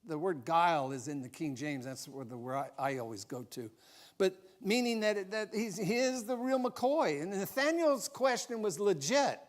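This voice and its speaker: High-voiced older pastor preaching. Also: male voice, big pitch swings, normal speed. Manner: folksy, conversational teaching with asides. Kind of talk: sermon. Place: church.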